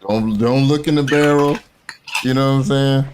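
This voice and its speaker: A man's voice: medium pitch, fairly even intonation, normal speed, noisy background. A man hosting a casual chat, telling loose, profane stories with lots of fillers. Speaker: host.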